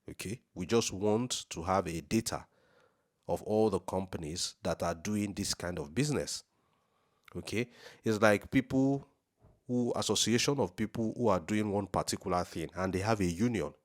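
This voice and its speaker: A man hosting a scam-review video, talking viewers through a website on screen, emphatic and checking in with "okay?", rereading passages slowly for emphasis. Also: on the low side. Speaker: host of a scam-review channel. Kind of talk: screen-share walkthrough commentary.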